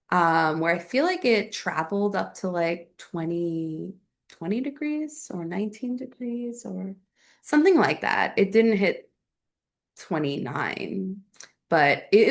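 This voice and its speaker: A young adult woman hosting a solo astrology podcast, chatting casually and thinking aloud with lots of fillers. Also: fairly low pitch.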